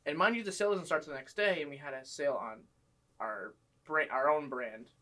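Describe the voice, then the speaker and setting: A man telling funny stories from his old job in casual chat, animated and swearing freely. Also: a little high, a little fast, distant mic. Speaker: guest storyteller.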